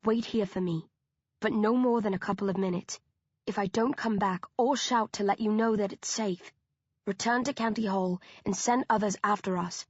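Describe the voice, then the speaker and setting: A woman voicing a teenage girl gang leader who gives brisk, commanding orders and puts on a mocking, high scream. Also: husky, no room sound, muffled recording, close to an everyday voice. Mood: urgent.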